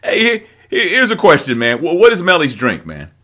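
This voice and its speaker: A man's voice: on the high side, wildly swooping pitch, bright, forceful tone. Laid-back man hosting a TV recap. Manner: laid-back, halting with fillers. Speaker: podcast host. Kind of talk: casual TV recap chat.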